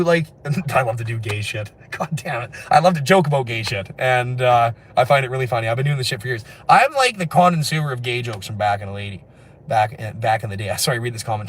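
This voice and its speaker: A man from Canada chatting on a late-night livestream, reading viewer comments and rambling very fast between laughs. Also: mid-range voice, fairly bright tone. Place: indoors at night, after a street walk.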